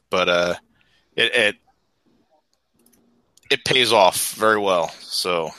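A man in a relaxed, casual podcast chat, dotting his speech with ums and uhs. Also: on the low side, unhurried, pauses often, dry recording, rough recording. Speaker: podcast co-host. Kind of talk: casual chat over a video call.

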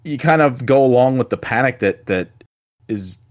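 A man chatting casually about a film, halting and meandering, with casual swearing. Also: mid-range voice, expressive. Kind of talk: casual movie discussion. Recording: dull lo-fi sound.

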